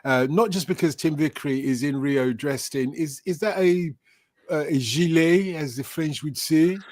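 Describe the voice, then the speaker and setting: A man's voice: fairly high pitch, moderate pace, darkish tone, no echo, studio quality. Laughing, rambling podcast host man. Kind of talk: casual chat.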